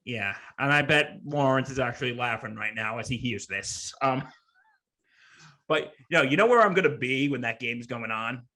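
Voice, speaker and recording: A man hosting a sports podcast, chatting casually in an animated, jokey way. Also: medium pitch, normal speed. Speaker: podcast host.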